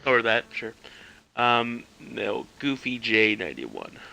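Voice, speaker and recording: A man's voice: mid-range voice, big pitch swings, takes it slowly, vocal fry, pushed and bright, rough recording. A man from Canada hosting a casual gaming league podcast, laughing and joking loosely. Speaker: podcast host.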